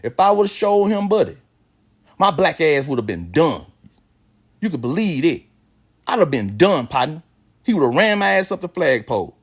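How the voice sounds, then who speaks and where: A man's voice: on the high side, moderate pace, pauses often. A man telling a casual, slangy story with plenty of swearing and a lot of expression. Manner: animated, slangy, swears freely.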